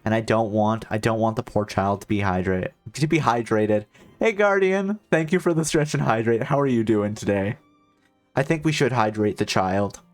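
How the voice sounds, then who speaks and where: A man's voice: on the low side, normal speed, faint music behind. A man streaming a video game, chatting casually and rambling into joking asides to his chat. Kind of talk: casual let's-play chat.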